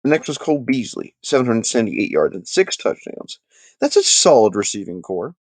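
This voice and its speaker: A man hosting a casual live sports talk stream, chatting with his viewers and making animated, emphatic points. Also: medium pitch, a little fast, no echo.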